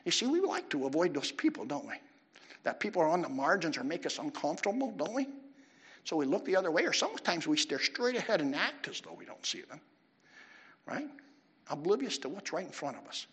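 Animated husky-voiced male preacher. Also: fairly high pitch, a little fast. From United States. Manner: animated preaching, questions to the audience. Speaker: pastor. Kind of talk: sermon.

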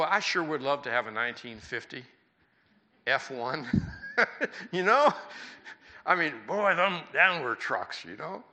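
Folksy older man preaching, bright voice. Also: on the high side. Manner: folksy, conversational preaching with rhetorical questions. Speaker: pastor. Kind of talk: sermon. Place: church.

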